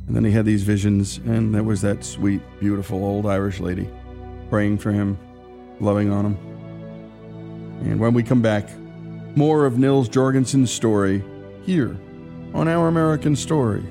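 Guy hosting a story show, dark mellow voice, measured delivery. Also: lowish voice, steady tone, creaky, faint music behind. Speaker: host. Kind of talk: radio storytelling narration.

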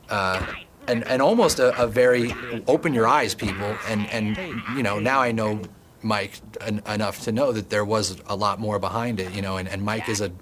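A man's voice: on the low side, a bit bright, slight background noise. A man in a documentary interview talking in an enthusiastic, rambling way. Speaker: animation co-creator interviewee. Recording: interview over music bed.

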